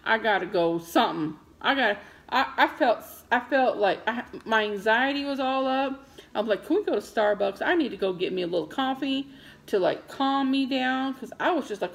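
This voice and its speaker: A woman's voice: on the high side, normal speed, creaky. A middle-aged woman, chatting casually and dramatically to her vlog viewers from home. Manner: animated, dramatic storytelling. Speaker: vlogger.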